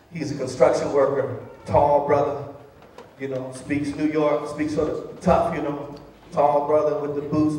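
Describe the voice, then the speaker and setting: A pastor with a high voice preaches in a very echoey church and is heard from a distance. His sermon swings between loud, emphatic exclamations and quiet, chatty asides to the congregation, with big echoes trailing behind him. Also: a little hiss or hum. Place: large church sanctuary.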